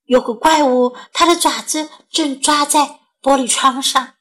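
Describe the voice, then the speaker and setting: A woman reading a bilingual children's bedtime story in a gentle, clear way, as if for young listeners. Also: high-pitched, steady tone, a little slow, low-quality recording.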